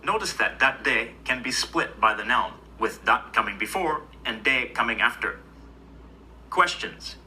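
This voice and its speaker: A man giving scripted educational narration, explaining grammar in an even, explanatory way. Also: mid-range voice, measured pace, a little hiss or hum, poor audio. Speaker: language video narrator.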